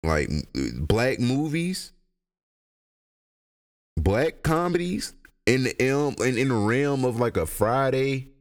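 Rambling stoned young man, lively voice. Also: mid-range voice, slow pace, long pauses. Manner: rambling, profane, laughs a lot. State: high. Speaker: podcast host. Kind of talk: casual solo podcast rant.

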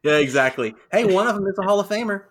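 A man's voice: high voice, lively intonation, quick pace, heavy background noise. A man co-hosting a podcast, casually recapping wrestling segments in a chatty storytelling way. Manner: chatty storytelling, quotes people in voices. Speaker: podcast co-host.

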